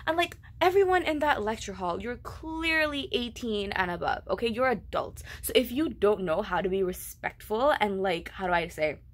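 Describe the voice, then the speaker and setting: A young woman, Tamil her first language, ranting in a casual vlog, animated and exasperated, full of "like" and "okay". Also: medium pitch, normal speed, few pauses. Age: young adult. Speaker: vlogger.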